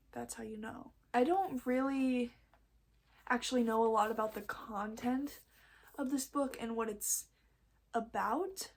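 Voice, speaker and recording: A woman's voice: a little high, darkish tone. A young woman chatting casually and a bit nervously as she shows her books, rambling and often losing her train of thought. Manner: rambling, chatty, self-interrupting; nervous first-time vlogger. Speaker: book vlogger. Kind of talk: casual book haul chat.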